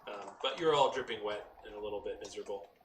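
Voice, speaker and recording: A man narrating as game master of a tabletop game, talking in a relaxed way with many fillers. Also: fairly low pitch, fast. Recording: roomy echo, mic at a distance, faint noise.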